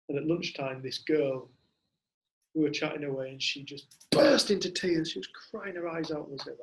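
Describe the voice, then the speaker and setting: A gravel-edged man in his forties with a voice that sits a little high. He leads a community group in loose, casual storytelling and throws himself into voicing the people in his stories. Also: moderate pace, long pauses, poor audio. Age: 40s. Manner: animated, acts out other people's words.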